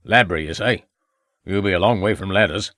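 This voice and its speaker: A man doing a gruff old farmer. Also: sits low, brisk, sharp tone, no echo, studio quality. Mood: curt. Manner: terse, clipped dialect speech. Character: gruff old male rural farmer, curt.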